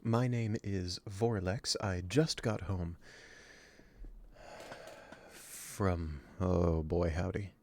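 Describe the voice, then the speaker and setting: A weary male game streamer chats with his viewers in a flat, low-energy way. He speaks slowly, as if worn out from a long day. His voice sits slightly on the low side. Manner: low-energy, dry delivery. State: very tired. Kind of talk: casual stream chat.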